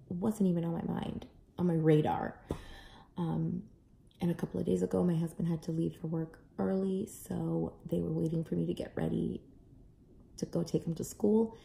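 Young mom vlogging, gravelly low dark voice, tells it lively. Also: female voice. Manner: animated, acts out kids' and own voices. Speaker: parent vlogger. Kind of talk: casual storytelling to camera.

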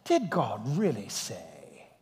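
A cunning devil tempts in a polished English accent, his voice low, soft and set back from the mic. A man puts him on mid-sermon. Each question slides out in doubt, and the words hang in a long church reverb. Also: huge pitch swings, slow pace, exaggerated voice. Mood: insinuating. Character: sly smooth-talking male devil tempter.

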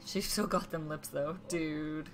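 A woman streaming a game, chatting casually, swearing freely and breaking into sudden excited outbursts. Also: deep voice, measured pace, background noise. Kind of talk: casual live-stream gameplay chat.

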